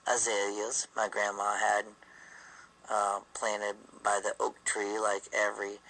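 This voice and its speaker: Man, low gravelly voice, casual rambling storytelling, profane. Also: pushed and bright, low-quality recording.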